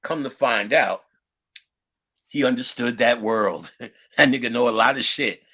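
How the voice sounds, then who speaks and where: A man's voice: medium pitch, a little slow, sharp tone, husky. A man lecturing in casual storytelling mode, using profane street slang and acting out the voices of people in his story.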